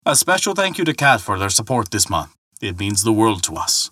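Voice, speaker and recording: Bright, dry male storyteller. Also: fairly low pitch, very animated, brisk, dry recording. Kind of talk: scripted narration.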